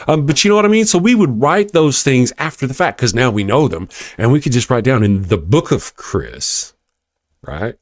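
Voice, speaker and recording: A man's voice: mid-range voice, big pitch swings, moderate pace, no room sound, clean studio sound. A man with a Texas accent hosting a casual livestream, reading viewer comments and joking with frequent laughs. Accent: Texan. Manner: chatty, laughs often, joking asides. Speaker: livestream host.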